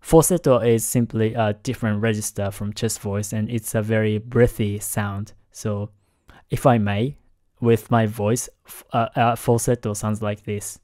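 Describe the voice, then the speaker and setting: A man hosting a lesson on singing technique, explaining in a careful, halting way and keeping his voice down because it is late at night. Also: on the low side, steady tone, darkish tone, no room sound, studio quality. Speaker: host analyzing singing technique. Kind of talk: explanatory commentary.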